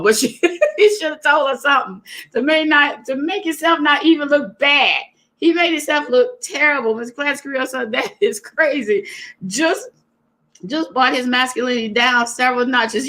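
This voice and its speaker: A woman hosting a casual livestream talk, greeting viewers by name and retelling a story with lively asides. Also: sits high. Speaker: host.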